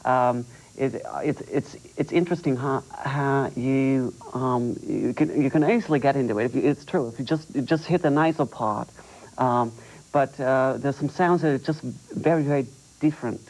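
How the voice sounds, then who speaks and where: A man at a mid pitch talks as a guest actor in a TV studio interview. He hesitates often, with ums and false starts, and searches for his words. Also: moderate pace, darkish tone, poor audio. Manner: hesitant, many ums and restarts. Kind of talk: casual TV interview.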